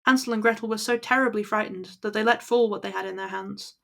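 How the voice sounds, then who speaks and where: A woman's voice: mid-range voice, steady tone, quick pace, gravelly. A woman reading old fairy tales aloud to her stream at an easy pace, with small slips. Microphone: laptop built-in mic.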